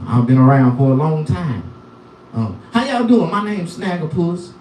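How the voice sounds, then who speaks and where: A man's voice: a little high, normal speed, slight background noise. A middle-aged man doing stand-up comedy, telling profane, rambling stories about his life. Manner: profane, animated, repetitive storytelling. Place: live comedy venue. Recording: echoey room, from far off.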